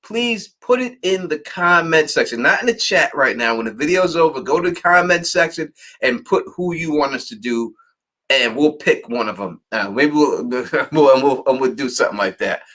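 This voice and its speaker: Bright-voiced American man, loose chat. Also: on the high side, expressive, moderate pace. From United States. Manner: loose, laughing, swears casually. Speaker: podcast host. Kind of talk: casual livestream chat.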